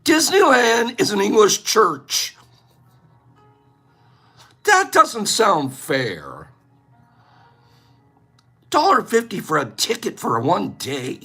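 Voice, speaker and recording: A man's voice: very high-pitched, bright, forceful tone, husky. A man hosting a casual livestream, rambling through joking rants and giving things away to viewers.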